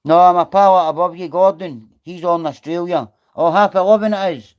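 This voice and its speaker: This middle-aged Scottish man has a high-pitched, smooth, slightly mellow voice and talks at a moderate pace. During a casual livestream he reads chat aloud, answering viewers bluntly with plenty of swearing.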